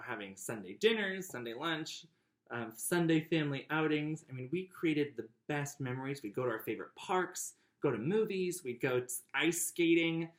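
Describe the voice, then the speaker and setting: A man narrating his personal memoir in a chatty, warm way, with frequent fillers and light laughs. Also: on the high side, roomy sound. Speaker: memoir author.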